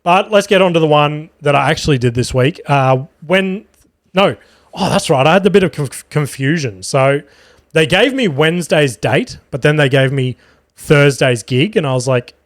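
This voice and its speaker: A man's voice: on the high side, normal speed, no echo, clean studio sound. A young man hosting his own podcast, telling rambling, profane stories in a casual way. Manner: rambling and profane, with frequent fillers and laughter. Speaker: podcast host and stand-up comedian. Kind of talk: casual storytelling monologue.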